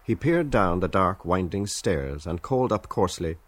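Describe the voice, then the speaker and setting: A man narrating a novel as an audiobook in a measured, stately way. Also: low-pitched, expressive, no room sound.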